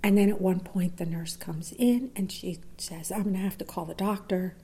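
A middle-aged woman tells a personal story with a mellow, dark voice. She acts out the lines of the people in it with lively shifts and sometimes sinks to a near whisper. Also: lowish voice, normal speed, husky. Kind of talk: personal story told to a listener.

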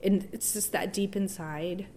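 A woman speaking as an interview guest and telling a personal story. She is emotional and halting, with restarts and soft laughs. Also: mid-range voice, steady tone, a little hiss or hum.

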